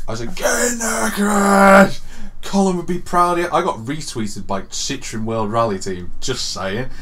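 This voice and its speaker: A young man co-hosts a casual podcast with mid-range pitch. He tells a story with animated swings between hushed and shouted moments. A faint hiss sits under the recording. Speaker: podcast co-host. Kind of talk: excited casual chat.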